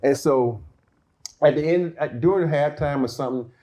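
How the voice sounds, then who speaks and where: His voice a little high and his pace moderate, a former basketball player tells stories as an interview guest. The conversation is casual, and his storytelling is animated, with frequent laughs. A live audience watches in an outdoor courtyard.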